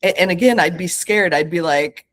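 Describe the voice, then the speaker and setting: A woman's voice: on the low side, normal speed, fairly bright tone. A woman in her late thirties, a podcast guest telling her own story in an earnest, searching way, with many fillers and self-corrections. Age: 30s. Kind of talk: reflective conversational interview.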